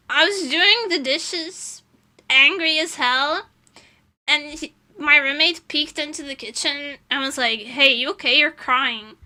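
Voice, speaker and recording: A woman's voice: high-pitched, slow pace, long pauses, sharp tone. A young woman streamer chatting casually, rambling, swearing and laughing often. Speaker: vtuber streamer. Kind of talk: casual chat.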